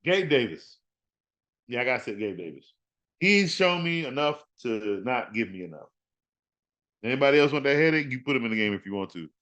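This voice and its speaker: A man hosting a fantasy football podcast in casual talk, animated and trash-talking, repeating words for emphasis. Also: mid-range voice, fairly quick, long pauses, dull audio.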